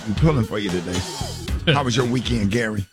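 A man's voice: fairly low pitch, brisk, over music. A man hosting a morning radio show, teasing and joking in casual banter. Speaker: radio host.

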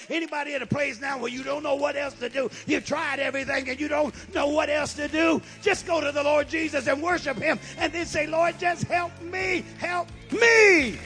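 A man preaching a sermon with rhythmic repetition that builds into shouted climaxes. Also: extremely high pitch, fairly even intonation, normal speed, hardly any pauses, soft background music.

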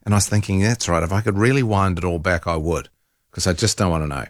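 A man hosting talk radio, chatting casually in an animated, exasperated way with frequent ums and restarts. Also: low-pitched, quick pace, dry recording, clean studio sound.

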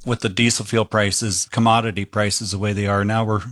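A man's voice: lowish voice, level tone, normal speed, a bit bright, no echo. A man from South Dakota, a cattle farmer, speaking frankly and wearily in a radio interview.

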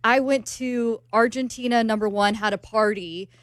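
A woman's voice: on the high side, fairly even intonation, moderate pace, no room sound, clean studio sound. A woman from the United States, telling a story animatedly on a chat show and laughing often. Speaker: co-host. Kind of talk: casual chat.

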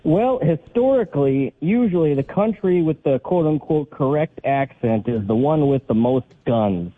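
A man's voice: a little high, expressive, moderate pace. A man from North Dakota calling in to a radio show, wry and joking. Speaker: caller. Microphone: phone line. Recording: tinny phone line.

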